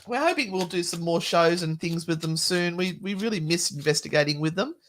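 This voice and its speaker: Her pitch is fairly low and a bit bright, and a slight background noise runs under her voice. She's a middle-aged co-host of a paranormal live stream, joking around casually and swearing now and then.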